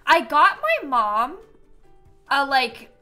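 A young adult woman chatting casually on a live stream, animated and prone to breaking into laughter. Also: sits high, extremely slow, faint music behind.

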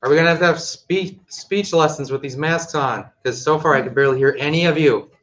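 A man's voice: fairly high pitch, fairly quick, far from the mic. Masked man teaching math in an echoey classroom. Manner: projecting loudly through a mask, firm and drilling. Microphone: masked, mic at a distance.

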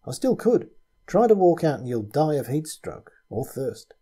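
A man's voice: a little high, very animated, a little slow, warm tone, breathy edge, voice pushed up, full character voice. A man voicing a blunt, pragmatic adult man who speaks in a matter-of-fact way.

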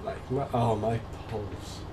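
A young man chatting casually while playing a video game, jokey and quick to burst into laughter and yelps. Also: medium pitch. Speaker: let's play gamer. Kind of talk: casual gaming banter. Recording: distant mic with faint room noise.

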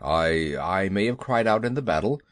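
A proud storybook panther speaks low and stern, a little short of breath from a fight, voiced by a man narrating. The recording is dry and intimate. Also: expressive, normal speed, no room sound. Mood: urgent. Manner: gasping, stern. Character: proud male black panther, tired and stern.

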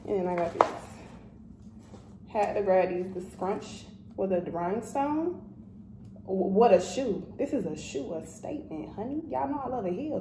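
A woman vlogger chatting casually to camera, animated and talkative. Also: mid-range voice, normal speed, roomy sound, a little hiss or hum. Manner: chatty, animated, addresses viewers as y'all. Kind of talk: casual vlog chat to camera.

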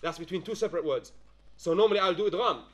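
A London-based male tajweed teacher gives a classroom lesson, frequently checking in with and quizzing his students while mixing in Arabic phrases. He speaks quickly in a high-pitched voice.

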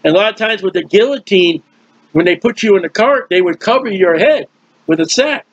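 A man with a fairly high, husky voice walks through a Bible passage in an informal teaching style. He talks conversationally, reaching for everyday comparisons and often restarting his sentences. The audio is dull and lo-fi, with a dry, close sound. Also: expressive, a little fast, no room sound.

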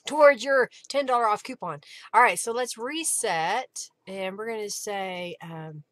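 A woman hosting a live craft stream, chatting casually, thanking viewers by name and often clearing her throat. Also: mid-range voice, lively intonation, slow, fairly bright tone, no room sound.

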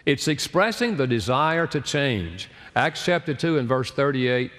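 A man's voice: mid-range voice, lively intonation, measured pace, a bit bright. A man, an author and counselor, giving a storytelling talk and acting out the people he quotes. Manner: acts out quoted people with changed voices. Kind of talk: lecture with storytelling. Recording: long reverb of a large hall.

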